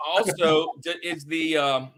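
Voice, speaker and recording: A man's voice: on the high side, fairly even intonation, a little slow, very noisy. A man hosting a sports podcast in an upbeat, hype-building, somewhat rambling way. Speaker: podcast host.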